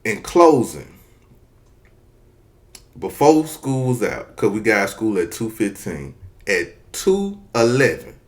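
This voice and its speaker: A man telling a comic story from his childhood, profane and animated, acting out the people in it. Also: fairly low pitch, slow, long pauses. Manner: profane, animated, acts out characters. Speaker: comedian storyteller.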